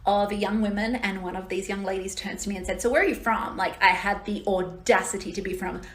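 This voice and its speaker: An Australian woman in her thirties, telling a story to camera in an animated, exasperated way. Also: mid-range voice, brisk, echoey room. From Western Australia.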